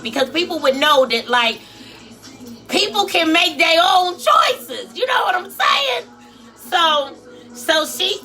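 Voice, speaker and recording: A woman with a Philadelphia accent telling a story in casual vlog chat, slangy and swearing freely, acting out what people said. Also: high-pitched. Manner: animated, slangy, swears freely, acts out quotes. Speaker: vlogger and life coach.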